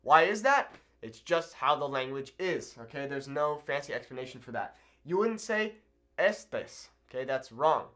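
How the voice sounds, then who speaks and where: Man, online language teacher, animated delivery with a lively, swinging pitch; keeps checking in with the viewer. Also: normal speed. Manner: upbeat, animated, keeps asking "okay?". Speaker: Spanish teacher. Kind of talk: video language lesson.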